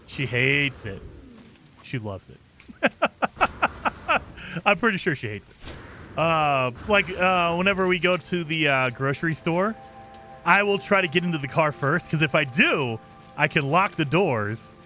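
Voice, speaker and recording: A man's voice: a little high, animated, a little slow, bright, forceful tone, soft background music. A man streaming a game, chatting casually with viewers in a joking, teasing way and laughing often. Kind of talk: casual live commentary while playing.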